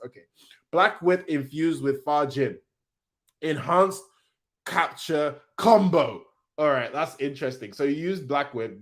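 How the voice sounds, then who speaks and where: A man hosting a casual manga reaction, reading panels aloud in an excitable, slangy way. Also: mid-range voice.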